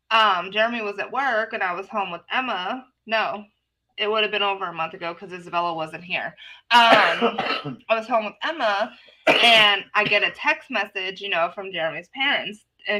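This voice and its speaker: A woman's voice: medium pitch, normal speed, pushed and bright, poor audio. A woman in casual stream chat, telling stories animatedly with lots of swearing. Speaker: co-host.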